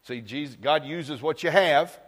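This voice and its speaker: A man's voice: a little high, moderate pace, breathy edge. A man preaching a folksy sermon, telling stories and asking the crowd for amens. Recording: long reverb in a large hall.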